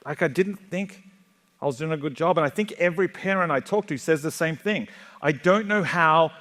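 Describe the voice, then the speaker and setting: A middle-aged Australian man giving a joking, animated keynote talk to a live audience in a large hall. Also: fairly high pitch, normal speed. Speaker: conference speaker.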